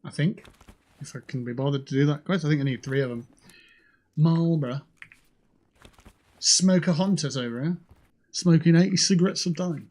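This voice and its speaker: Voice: medium pitch, moderate pace, long pauses, darkish tone. A game streamer, chatting casually and jokily to themselves while playing, with plenty of swearing. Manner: chatty, profane, jokey self-talk while looting. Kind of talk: casual gameplay commentary.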